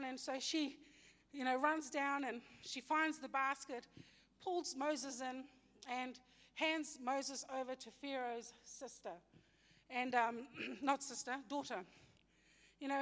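A woman with a high-pitched, somewhat bright voice teaches a Bible story in an informal sermon style. She is chatty, retelling scripture in everyday slang with many fillers, restarts, and self-corrections. A long hall reverb colors the recording.

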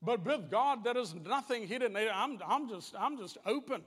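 High-voiced Kiwi preacher in a reverberant hall. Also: male voice, expressive, normal speed, fairly bright tone. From New Zealand. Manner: earnest, repetitive, plain-spoken. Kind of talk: conversational sermon.

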